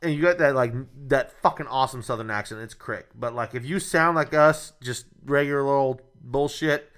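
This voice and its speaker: A man's voice: mid-range voice, moderate pace, a bit bright, clean tone. A man co-hosting a podcast, bantering emphatically and swearing freely in casual chat. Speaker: podcast co-host.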